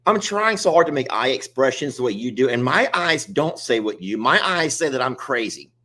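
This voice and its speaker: A man's voice: medium pitch, very animated, normal speed, bright, forceful tone. A man, co-hosting a casual chat and rambling in a self-mocking, chatty way. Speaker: co-host of an animal sanctuary channel.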